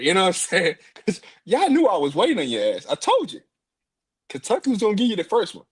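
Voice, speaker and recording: A man guesting on a sports talk show, talking in a boastful, animated way and laughing between points. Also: high voice, fairly quick, husky. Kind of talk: sports commentary podcast.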